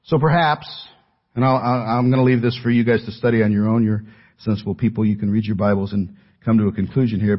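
A man preaches with a low, husky voice, pressing his points hard and then dropping almost to a hush. The audio is dull and lo-fi, like a church sermon tape. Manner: earnest preaching, swings from loud emphasis to near-hushed pleading. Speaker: pastor.

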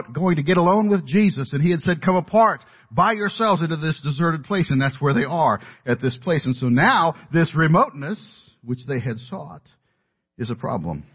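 A man's voice: medium pitch, breathy edge. A man preaching an earnest sermon, stressing key points and building to emphatic peaks. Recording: dull lo-fi audio.

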